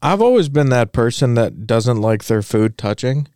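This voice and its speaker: A man's voice: mid-range voice, very animated, a little mellow, clean tone, no echo, studio quality. A man co-hosting a casual podcast chat, joking and self-mocking as he tells stories. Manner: jokey, self-mocking, drawn-out storytelling. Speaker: podcast co-host.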